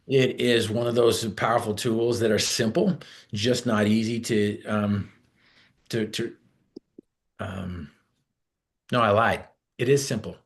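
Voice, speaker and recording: Energetic man giving a motivational talk. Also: fairly low pitch. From Utah, USA. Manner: energetic storytelling, punchy repeated phrases. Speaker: motivational speaker.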